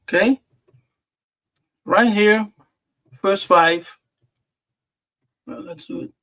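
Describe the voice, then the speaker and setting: A man teaching scripture on a live stream, slow and deliberate, repeating key words for emphasis. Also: high voice, a bit bright. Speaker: Bible teacher.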